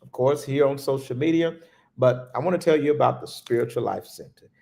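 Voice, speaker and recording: A man giving a livestreamed spiritual talk, slow and reflective, dropping to a hush on key phrases. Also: medium pitch, vocal fry. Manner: slow, reflective, with hushed pauses. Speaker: spiritual teacher.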